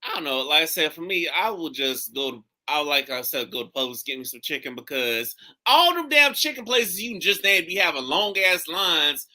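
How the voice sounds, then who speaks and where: A man's voice: a little high, normal speed. A man hosting a podcast, telling jokey stories in loose casual chat full of swearing. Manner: animated, swearing, jokey storytelling. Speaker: podcast host. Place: recording studio.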